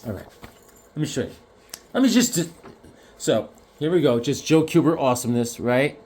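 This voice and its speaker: A man chatting casually about comic books, jokey and animated, now and then acting out the characters. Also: medium pitch, moderate pace. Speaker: comic collector vlogger. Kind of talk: casual chat.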